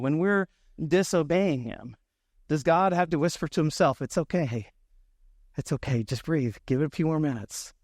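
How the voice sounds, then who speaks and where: A man's voice: sits high, no echo, studio quality. A man in his thirties, a pastor giving a conversational sermon, telling stories with asides to the congregation.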